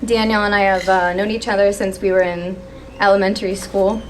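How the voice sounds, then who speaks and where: A young woman giving a maid of honor toast at a wedding reception, reading from her phone and pausing when she gets emotional. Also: medium pitch, slight background noise. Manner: emotional, pausing to steady herself.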